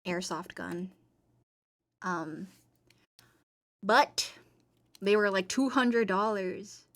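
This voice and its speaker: A woman's voice: mid-range voice, drawn-out words. A woman streamer talks casually with her chat, rambling and playful. She giggles often and moves loosely from one thought to the next.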